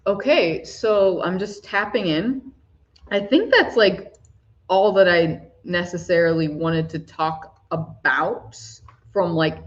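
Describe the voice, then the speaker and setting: A woman hosting a live spiritual talk for chat viewers, soft-spoken and gushing, often breaking into laughs. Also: lowish voice, dull audio. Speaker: spiritual livestream host.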